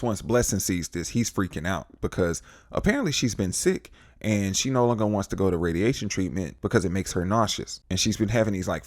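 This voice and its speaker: A man's voice: low-pitched, no echo, clean studio sound. A man from the United States casually recapping a TV episode, animatedly acting out the characters' lines in different voices. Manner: animated, acts out quotes in voices. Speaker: TV recap host.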